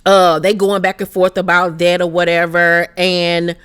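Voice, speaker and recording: A woman hosting a casual reality TV recap, talking fast and heated, blunt and heavily profane. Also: lowish voice, flat delivery, fairly bright tone, smooth.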